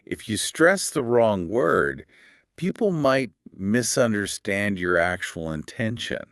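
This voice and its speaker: A man's voice: fairly low pitch, sing-song, slow pace, fairly bright tone, no echo. A man co-hosting a podcast English lesson, explaining patiently with emphatic stress. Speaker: English teacher, podcast co-host. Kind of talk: scripted podcast lesson dialogue.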